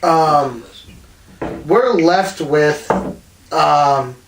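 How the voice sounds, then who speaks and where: High-voiced swearing podcast co-host. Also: male voice, extremely slow, a little hiss or hum. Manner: animated, swears constantly. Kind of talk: casual profane banter. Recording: roomy, distant mic.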